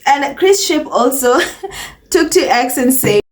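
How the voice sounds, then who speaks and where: A woman with a slightly high voice hosts a celebrity gossip commentary. She talks in a mocking, conversational way and hammers points home by repeating short phrases. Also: lively intonation, slow, far from the mic. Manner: mocking, repeats phrases for emphasis, often laughs. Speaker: commentary channel host.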